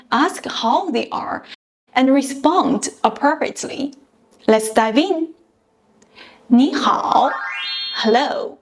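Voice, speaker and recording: A woman narrating a scripted beginner language lesson as the teacher, carefully demonstrating syllables and tones one by one. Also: on the high side. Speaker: Mandarin teacher.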